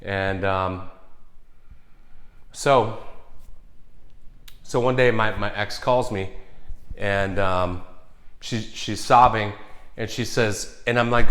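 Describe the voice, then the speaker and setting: A man's voice: on the low side, slow pace, pauses often, a bit bright. A man in his forties telling a story in a casual vlog monologue, rambling and cursing with many restarts. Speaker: vlogger.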